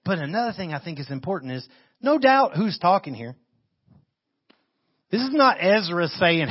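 A man's voice: high voice, normal speed, pauses often, breathy edge, dull audio. A man preaching a sermon as pastor, talking casually with his congregation and raising his voice when he reads scripture aloud. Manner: lively, conversational preaching with sudden loud Bible readings.

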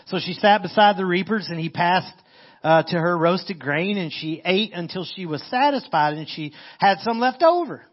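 Here a pastor with a high-sitting, animated voice speaks at normal speed over lo-fi audio. His sermon mixes scripture reading with easygoing explanation, paraphrasing verses in everyday modern language.

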